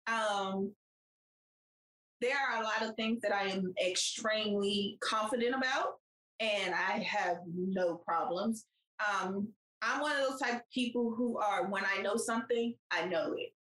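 A woman's voice: medium pitch, unhurried, fairly bright tone, roomy sound, rough recording. A woman co-hosting a podcast in casual chat, playful and teasing. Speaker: podcast co-host.

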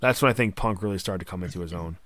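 A man's voice: sits low, racing, fairly bright tone. A man hosting a casual podcast chat, recounting wrestling history partly from notes. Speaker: podcast host.

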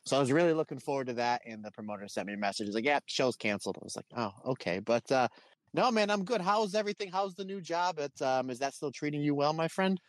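A man's voice: a little high, expressive, fast, no room sound. A man co-hosting a casual podcast, bantering in a jokey, friendly way. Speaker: podcast co-host.

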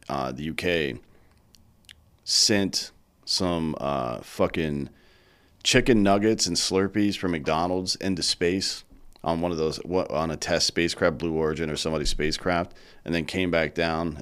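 Low-voiced rambling podcast host. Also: male voice, a bit bright, smooth. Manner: profane, rambling riffing. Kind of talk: casual podcast chat.

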